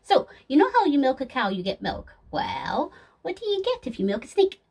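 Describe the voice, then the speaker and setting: A woman's voice: sits high, creaky, breathy edge, pitched above the performer's own voice, full character voice. Woman playing a chaotic, gleeful gremlin of a man. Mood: excitable. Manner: loud, excitable, rapid bursts. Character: chaotic, gleeful, gross-minded young man. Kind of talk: fan audio sketch.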